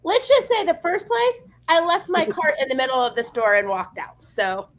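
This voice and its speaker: A woman's voice: high-pitched, normal speed. A woman hosting a casual video chat, telling a story and acting out the people in it. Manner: animated storyteller acting out dialogue. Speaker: host.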